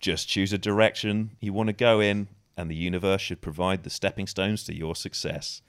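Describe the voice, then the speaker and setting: A man's voice: low-pitched, little pitch movement, normal speed, smooth. A man co-hosting a podcast, reading articles aloud with dry, wry asides in casual banter.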